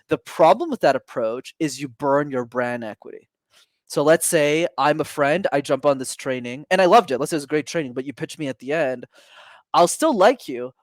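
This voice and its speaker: Energetic male coach, dry sound. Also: a little high, no room sound. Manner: fast, energetic explaining with many "like" fillers. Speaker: communication coach, guest. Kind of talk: casual podcast conversation.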